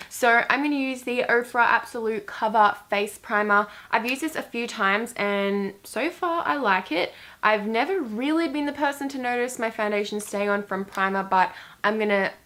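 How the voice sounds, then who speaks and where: A woman's voice: mid-range voice, a bit bright. A young woman chats her way through a makeup tutorial. She talks casually and loosely, with plenty of filler words. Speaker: beauty vlogger.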